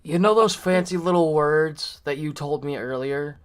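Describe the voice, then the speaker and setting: Casual streamer dude, kinda high voice, swears a lot, lots of "like". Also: male voice, normal speed, clear, resonant tone. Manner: laid-back, swears often, says "like" a lot. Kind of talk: casual chat.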